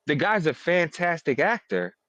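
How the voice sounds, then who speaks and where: A man's voice: fairly high pitch, very animated, normal speed, a bit bright, no echo, highs cut off. A man co-hosting a podcast in casual chat, rambling and profane, often searching for words. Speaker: podcast co-host.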